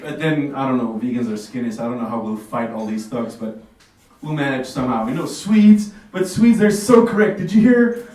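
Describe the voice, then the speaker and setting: A man's voice: mid-range voice, lively intonation, brisk, darkish tone. A man from Bosnia performs stand-up comedy in a small café. He talks casually and keeps laughing at his own jokes. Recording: echoey café from far off.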